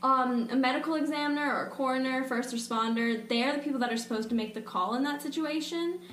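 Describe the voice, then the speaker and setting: A woman's voice: high-pitched, quick pace, a bit bright. A young woman co-hosting a podcast, telling a case in casual chat with wry, dry asides. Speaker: podcast co-host. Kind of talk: casual true-crime chat. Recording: roomy, slightly distant mic with faint noise.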